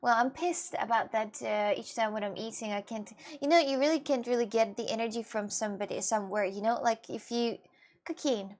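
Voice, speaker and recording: High-voiced woman chatting to viewers. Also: brisk. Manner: rambling, restarts, swings into mock outbursts. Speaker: live streamer. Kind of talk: casual chat with viewers.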